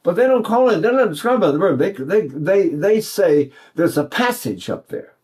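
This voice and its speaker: Lively high-voiced older man teaching singing. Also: moderate pace. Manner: animated, chatty, sings and buzzes examples, mimics Italian speech. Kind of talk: singing lesson with demonstrations.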